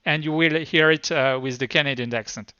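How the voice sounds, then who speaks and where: A man with a French accent speaks at a conference and runs a live tech demo, stopping and restarting his sentences often. His voice sits a bit high, sounds bright and smooth, and the recording is dry and dull. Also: no echo. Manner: halting, many restarts and fillers.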